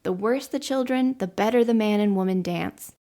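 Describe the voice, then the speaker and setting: A woman's voice: medium pitch, normal speed, warm tone, natural voice. A woman reading a strange village girl's lines in a cool, unconcerned, teasing way.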